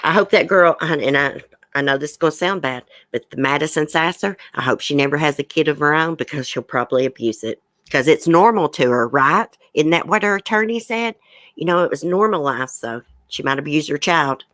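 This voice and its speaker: A woman's voice: sits low, fairly quick, fairly bright tone, no echo. A woman hosting a true crime commentary livestream, reading news items aloud and giving blunt opinions to her chat viewers. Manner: reads news aloud, then gives blunt outspoken opinions. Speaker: livestream host.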